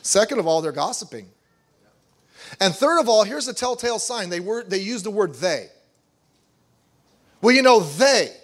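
A man's voice: high voice, sing-song, moderate pace. A middle-aged man preaching a sermon, reading scripture aloud and acting out quoted voices with animation. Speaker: pastor.

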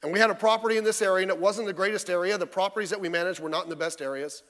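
A man's high, slightly bright voice races through a midweek sermon in a reverberant church hall. The pastor speaks in a folksy, conversational style with many rhetorical questions.

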